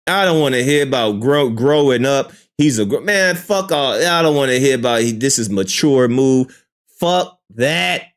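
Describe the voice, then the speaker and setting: A man hosting a live stream, reacting to a song with profane, exasperated commentary, repeating himself and swinging between loud outbursts and low muttering. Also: animated, moderate pace.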